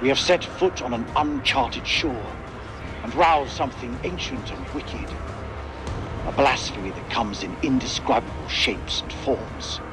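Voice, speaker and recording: A man's voice: medium pitch, a little slow, over music, lightly acted, poor audio. An actor playing a man who narrates an ancient horror in solemn, ominous, formal words. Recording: game narration over loud score.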